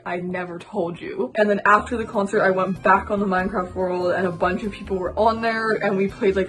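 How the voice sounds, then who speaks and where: A woman's voice: mid-range voice, low-quality recording. A young woman vlogger telling a story casually, with "like" in nearly every phrase. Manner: filler-heavy, constant "like". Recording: music playing behind.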